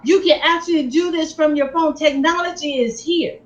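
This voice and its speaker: A woman giving a sermon-style personal testimony, telling her story in an animated, emphatic way. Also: high-pitched, moderate pace, muffled recording. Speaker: speaker on faith and finances.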